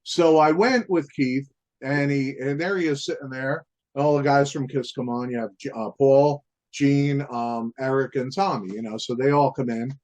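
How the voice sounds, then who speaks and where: A man's voice: mid-range voice, fairly even intonation, moderate pace, a little mellow. A man, a guest musician, telling stories in a casual interview, rambling with lots of fillers like "man" and "you know".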